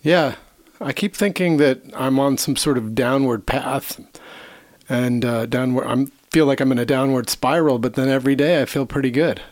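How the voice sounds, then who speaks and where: Man, casual podcast chat, relaxed, halting, dry close sound. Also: mid-range voice, dry recording. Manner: relaxed, halting, repeats himself. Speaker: podcast co-host.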